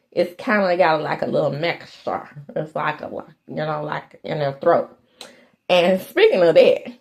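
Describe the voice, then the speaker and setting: A middle-aged woman from Mississippi hosting a casual podcast, chatty and animated, full of slangy asides. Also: low-pitched, lo-fi sound. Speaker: podcast host recapping a TV soap. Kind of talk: casual chat.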